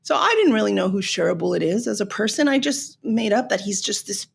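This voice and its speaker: Vocal-fry woman ranting on a podcast. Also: medium pitch, brisk. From Los Angeles. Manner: animated, sarcastic, swears freely. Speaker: podcast host. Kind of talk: casual rant.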